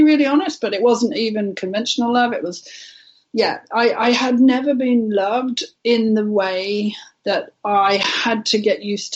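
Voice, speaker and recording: This is a woman with a slightly high voice, giving a radio interview. She tells her story in an earnest, heartfelt way. The audio comes through a little dull and lo-fi. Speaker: guest, intuitive healer.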